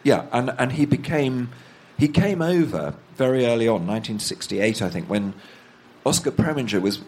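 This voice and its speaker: An author interviewed as a guest speaks at normal speed in a medium-pitched, darkish voice with lively intonation. It's a conversational storytelling interview where he tells anecdotes at length, acts out the people he quotes, and laughs at his own tales.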